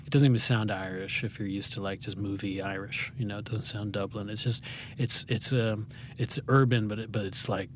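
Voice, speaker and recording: American guy rambling through a story, lots of ums, lowish voice, faint hiss behind. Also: fairly even intonation, fairly quick. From United States. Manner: rambling and self-deprecating, with many fillers and restarts. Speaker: guest playwright. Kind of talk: conversational interview.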